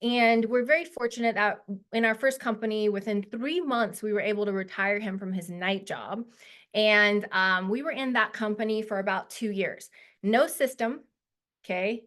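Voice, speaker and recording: A woman's voice: medium pitch, fairly bright tone. A woman in her forties giving an emotional, heartfelt talk as a guest speaker on a video call, chatty and full of fillers. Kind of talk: casual presentation to a webinar audience.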